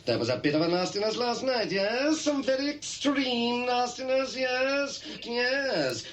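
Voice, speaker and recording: A man voicing a smug, lecherous, posh older gentleman with a drawn-out, plummy delivery. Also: high-pitched, vocal fry, slight background noise. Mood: leering.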